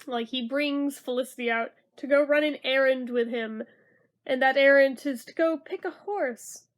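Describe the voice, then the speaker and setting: A young woman with a high voice talks through a film in a loose, chatty way. She is sarcastic, swears freely and bursts into mock-dramatic outrage. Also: moderate pace. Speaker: movie reviewer. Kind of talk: casual movie review.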